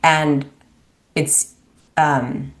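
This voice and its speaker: A woman in casual conversation, reflecting on her own experiences in a halting way. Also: deep voice, steady tone. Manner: reflective, halting, restarts phrases.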